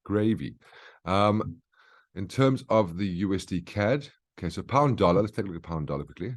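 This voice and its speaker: A man with a low-pitched, lively voice speaks at a moderate pace as the host of a daily market brief. Working as a market analyst, he walks through price charts live in a casual, teaching style, often checking in with "okay?".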